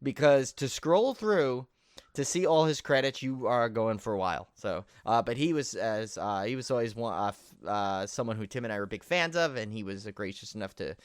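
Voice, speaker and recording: A man's voice: medium pitch, expressive, normal speed, smooth, no echo, studio quality. Rambling, enthusiastic male co-host. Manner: rambling, full of "uh" fillers and restarts, enthusiastic. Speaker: podcast co-host. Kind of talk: casual chat.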